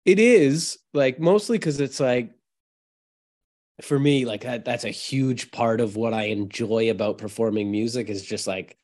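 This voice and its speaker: A man's voice: mid-range voice, measured pace, darkish tone. A man, a band's frontman, chatting casually in an interview, laid-back, self-mocking and swearing freely. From Canada. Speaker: touring band frontman.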